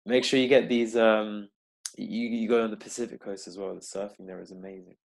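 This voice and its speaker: Casual male podcast host with a deep voice and easygoing, filler-heavy delivery. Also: brisk, vocal fry. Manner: relaxed, rambling with fillers. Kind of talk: casual interview chat. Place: London-based.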